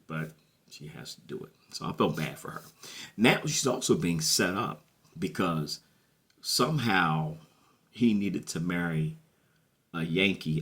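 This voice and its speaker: A man's voice: low voice, moderate pace, a bit bright. A man casually recapping a TV episode, chatty and slangy, often repeating himself and playing the characters' lines. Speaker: show recap host.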